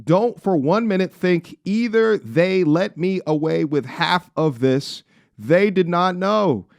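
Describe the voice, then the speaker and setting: A man voicing a distraught, defensive young woman in a put-on Scottish accent, high and strained. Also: lively intonation, slow pace, vocal fry, no room sound, studio quality, full character voice.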